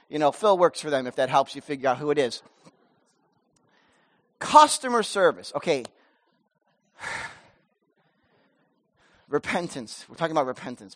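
A middle-aged pastor preaching to his church, telling stories and jumping from loud, punchy lines to hushed, low asides. The sound is close and dry, with no room echo. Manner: animated storytelling with wide swings in pitch and loudness. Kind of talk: sermon.

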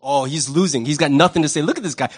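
A male pastor preaching a sermon in an animated, wry way, often jumping into quoted voices. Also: fairly high pitch, quick pace, husky.

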